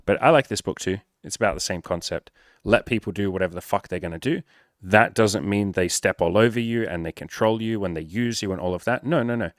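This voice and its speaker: A man giving blunt, profane, energetic dating-coach advice in a casual talk straight to the camera. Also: lowish voice, brisk, no echo, studio quality.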